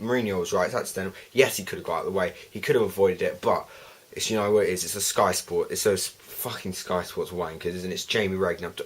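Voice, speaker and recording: A man's voice: low voice, a bit bright, breathy edge. A young man ranting and swearing through a fan video review of a football match, rambling with many restarts.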